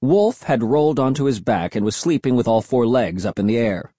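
A man narrating a first-person audiobook in an expressive, lively storytelling manner. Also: mid-range voice, a little fast, slightly rough, no echo.

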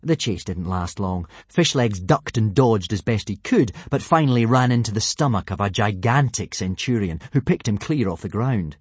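A male narrator reads a children's adventure story with playful energy. His voice is low and slightly husky, and the pitch rises and falls in a lively way. The recording is dry and close. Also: normal speed, few pauses, no room sound. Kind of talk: audiobook narration.

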